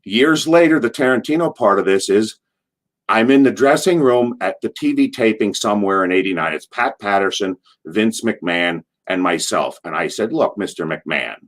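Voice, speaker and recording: Middle-aged guy w a lowish voice spinning old wrestling stories, rambly, keeps doing the yelling bits. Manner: animated, acts out quotes in a loud, drawn-out voice; rambling, with restarts and asides. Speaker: former wrestler being interviewed. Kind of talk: casual anecdotal storytelling.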